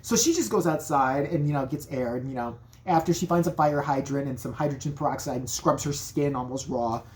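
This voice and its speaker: A woman telling a profane, rambling comedic story in a brash, animated way. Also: a bass voice, fairly quick.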